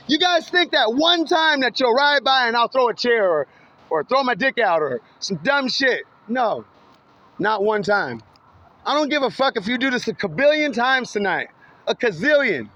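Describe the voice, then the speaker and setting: High, bright-voiced man taunting outdoors at night. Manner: taunting, mocking, laughs often, swears. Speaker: vlogger filming passing cars. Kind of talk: casual taunting street monologue. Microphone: handheld camera or phone. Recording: dull lo-fi phone audio with faint street noise.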